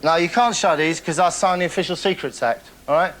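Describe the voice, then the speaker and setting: A man's voice: a little high, a little fast, fairly bright tone, a little hiss or hum. A man hosting a comic monologue, boastful and rambling, chuckling at his own stories. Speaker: comedy character host.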